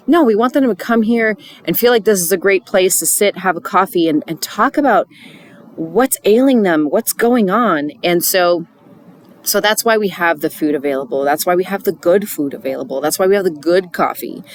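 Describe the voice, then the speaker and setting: A middle-aged woman speaking to church volunteers in an earnest, chatty devotional talk, with many fillers and restarts. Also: mid-range voice.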